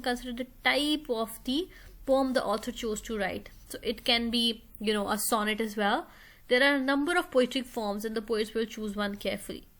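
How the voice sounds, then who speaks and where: A woman's voice: a little high, a bit bright. A woman teaching a recorded English lesson on analyzing poetry, explaining step by step and often checking in with "all right?" and "okay?".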